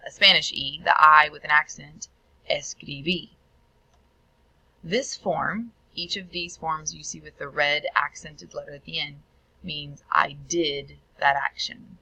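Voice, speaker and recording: A woman teaching Spanish in a recorded video tutorial, explaining each step clearly and sounding out the Spanish words. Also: deep voice, bright, forceful tone, no room sound, poor audio.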